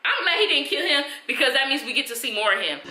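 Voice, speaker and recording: A young woman reviewing TV episodes in a casual, animated, slangy reaction style. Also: high voice, fast talker. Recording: roomy echo.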